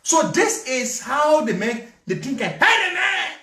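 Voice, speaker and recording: A man with a Liberian English accent tells a mocking political story, laughing at his own jabs. His voice is high and swings widely in pitch. He sounds distant from the mic in an echoey room. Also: big pitch swings, measured pace, sharp tone. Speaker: political commentator. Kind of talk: storytelling commentary.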